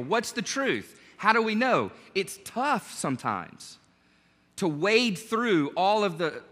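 Bright-voiced man preaching in a reverberant hall. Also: a little high. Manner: animated, conversational, jokes with the congregation. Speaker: pastor. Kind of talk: sermon.

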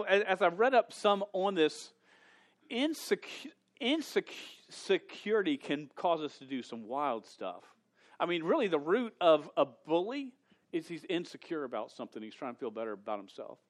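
A man preaching as a pastor to a room of young people, talking in a chatty, animated way with many restarts. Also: a little high. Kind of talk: casual youth sermon. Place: church room with an audience.

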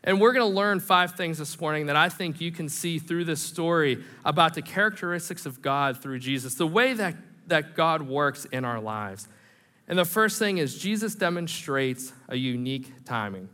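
A man delivers an animated, conversational sermon to his congregation, slipping in self-deprecating humor. His voice sits a bit high and rings bright and forceful. The sound carries a long reverb from a church hall. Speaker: pastor.

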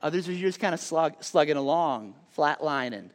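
A man giving a casual sermon to a live audience. He chats in an animated way with lots of "like" asides, then drops to a soft, hushed tone for earnest appeals. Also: a little high, normal speed, hardly any pauses. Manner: chatty and animated, full of "like" asides. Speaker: youth speaker. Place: large hall with a live audience. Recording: long hall reverb.

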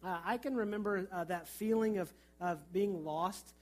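A man's voice: sits high, moderate pace, a little mellow. A middle-aged man, a pastor, preaching a sermon and telling funny childhood stories. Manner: storytelling with humor and vivid childhood anecdotes.

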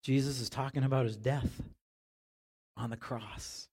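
A man preaching a sermon in a conversational way, growing animated when he retells the passage in everyday words. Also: mid-range voice, a little slow, breathy edge. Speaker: pastor.

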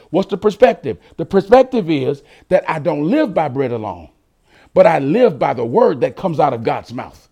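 A man's voice: a little high, big pitch swings, moderate pace, warm tone. A male pastor preaching a sermon to a streamed congregation, using call-and-response phrases and drawing out emphatic words.

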